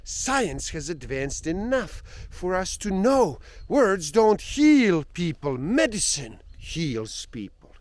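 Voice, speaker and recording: A man voicing an arrogant doctor who scoffs and shouts in anger. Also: high voice, big pitch swings, takes it slowly, hardly any pauses, dry recording, pitched above the performer's own voice, full character voice. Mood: scornful. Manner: scornful, angry outbursts. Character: arrogant, indignant famous doctor.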